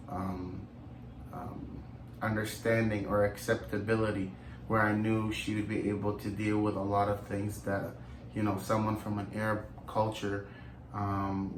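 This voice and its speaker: A young man asking and answering questions in a casual couple's Q&A vlog, speaking deliberately with many "um"s. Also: on the low side, a little hiss or hum. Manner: deliberate, hesitant with "um". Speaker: vlogger, husband. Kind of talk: casual Q&A chat. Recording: echoey, distant from the mic.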